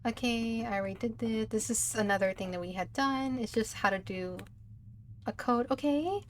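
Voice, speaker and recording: A woman's voice: a little high, normal speed, slight background noise. A woman streamer giving rambling, giggly gameplay commentary, chatting to her viewers.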